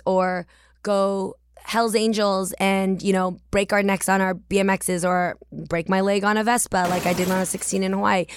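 A woman's voice: medium pitch, steady tone, moderate pace, clear, resonant tone, no room sound, studio quality. A woman in her forties from the San Francisco Bay Area, hosting her podcast in a candid, chatty manner with casual slang. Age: 40s. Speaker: podcast host.

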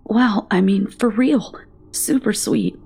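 A woman's voice: high voice, expressive, measured pace, faint music behind, voice pushed up. A woman voicing a nervous young girl who talks in an anxious, apologetic way in a storybook reading. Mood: forced cheer.

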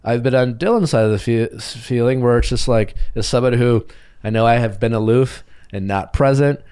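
A man hosting a podcast who talks in a reflective, halting way with restarts and fillers. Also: mid-range voice, darkish tone, clear, resonant tone, dry recording, clean studio sound. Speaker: podcast host. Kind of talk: podcast conversation.

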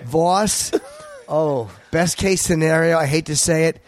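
A man, a comedian guest, talking casually on a podcast, telling stories bluntly and swearing freely. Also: fairly high pitch. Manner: blunt, profane, quick storytelling.

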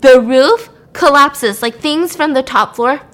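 A woman with a somewhat high voice tells a horror movie plot in a loose, chatty way. She swears casually and laughs at her own retelling, keeping the energy animated throughout. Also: measured pace. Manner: animated, profane storyteller who laughs often.

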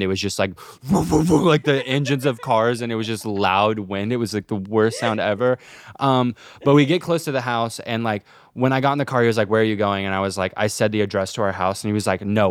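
A man's voice: fairly low pitch, smooth, no echo, clean studio sound. A young man co-hosting a podcast, telling a story in casual chat, swearing freely and acting out the people he quotes. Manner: animated, swearing, acts out quotes. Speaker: podcast co-host.

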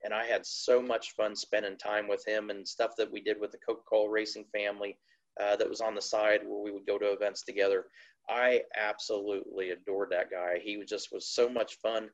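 A man from Indiana, a team owner and former racer, telling racing stories in a casual, animated, plainspoken way. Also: lowish voice, brisk, poor audio. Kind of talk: casual storytelling interview.

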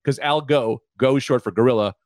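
A man's voice: medium pitch, a little fast, darkish tone, no room sound, clean studio sound. A young man co-hosting a casual comedy chat, jumping in with playful jokes.

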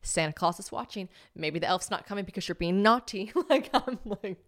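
A woman's voice: medium pitch, animated, normal speed. A woman in her thirties hosting a podcast, chatting casually and rambling, with frequent laughs. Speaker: podcast host. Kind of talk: casual chat.

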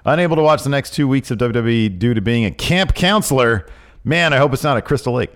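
A man co-hosting a casual wrestling chat, reading listener questions and joking around. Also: medium pitch. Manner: lively, joking, quick asides. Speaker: podcast co-host.

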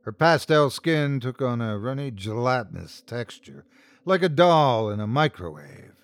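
A male host reading scripted horror stories in an unhurried, measured way. His pitch swings widely to heighten each line. The close, dry studio mic sound leaves no room around him. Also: animated, dry recording. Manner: measured, dramatic storytelling. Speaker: host and narrator.

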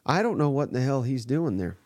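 A man's voice: medium pitch, sing-song, a little fast, a little mellow, no room sound, clean studio sound. Blunt, exasperated male podcast host. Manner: blunt, exasperated, profane commentary. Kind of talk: live sports reaction podcast.

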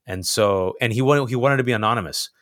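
A man telling a personal story in conversation, animated, acting out other people's lines with big jumps in pitch. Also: quick pace, no echo, studio quality. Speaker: guest.

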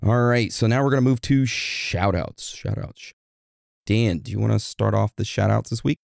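A man's voice: lowish voice, normal speed, gravelly, a little mellow, dry recording, clean studio sound. A man co-hosting a podcast in casual chat, laid-back and joking. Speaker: podcast co-host.

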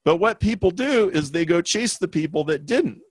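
A man telling an anecdote in a lively, conversational way, acting out the voices of the people in it as a guest explaining marketing. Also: high-pitched, moderate pace, husky, no echo. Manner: animated, acts out quoted voices. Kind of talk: conversational storytelling.

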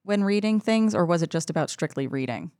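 A woman's voice: lowish voice, animated, a little fast, darkish tone, dry recording, studio quality. A woman co-hosting a podcast who asks short follow-up questions. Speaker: podcast co-host. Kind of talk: casual podcast conversation.

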